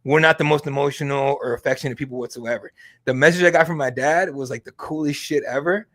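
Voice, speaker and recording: A man hosting an MMA podcast, telling a story in a casual, excitable and profane way. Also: medium pitch, fast. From Mexican heritage. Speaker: MMA podcast host and reporter.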